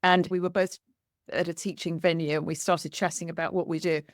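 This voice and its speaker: A woman hosting a conversation, telling a lively anecdote and acting out the dialogue as she goes. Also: on the low side, brisk, no echo, clean studio sound. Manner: animated, acts out quoted dialogue with laughter. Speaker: podcast host. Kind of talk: storytelling in conversation.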